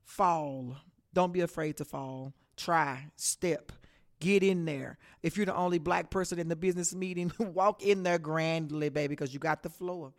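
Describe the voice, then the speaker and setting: A woman's voice: low-pitched, normal speed. A woman from Texas with a Texan accent, hosting a solo radio talk show as an upbeat pep talk, saying "y'all" and "baby".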